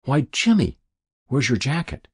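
A man voicing a gentle, bewildered small-town mother of five, speaking softly and fretfully. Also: medium pitch, sing-song, a little slow, husky, dry recording, studio quality, pitched above the performer's own voice, heavily acted. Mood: dismayed. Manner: soft, fretful and tender. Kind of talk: audiobook character voice.

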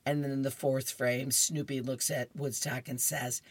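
A woman's voice: extremely low pitch, flat delivery, normal speed, slightly rough, no room sound. A woman radio reader describing newspaper comics, chatty, with laughing asides between panels.

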